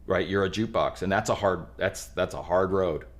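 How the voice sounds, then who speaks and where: A man from the Pittsburgh area, a musician guest on a podcast, telling band stories in an animated, rambling way with frequent restarts. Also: sits low, a little fast. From Pittsburgh area, USA. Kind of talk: casual chat.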